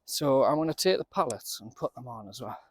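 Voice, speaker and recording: A man's voice: medium pitch, lively intonation, brisk, husky, no room sound, clean studio sound. A man giving a casual, chatty running commentary while he works on his allotment garden outdoors, often laughing and talking to himself.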